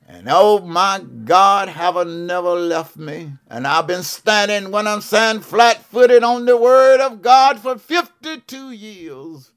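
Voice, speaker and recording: A man's voice: high voice, takes it slowly, fairly bright tone, clear, resonant tone. A man in his seventies from Georgia with a Southern accent, making a fervent televangelist appeal, repeating himself and calling out to listeners. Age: 70s. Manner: preachy, repeats "what I'm saying", calls out "yes ma'am, yes sir". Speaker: televangelist prophet. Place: broadcast studio.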